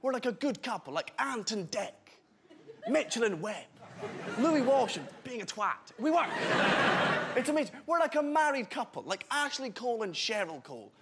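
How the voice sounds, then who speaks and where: A man's voice: very high voice, very animated, moderate pace, background noise. A Scottish man giving a brash, mocking comic speech on a panel show. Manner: brash, mocking, punchy delivery. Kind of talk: stand-up style debate speech.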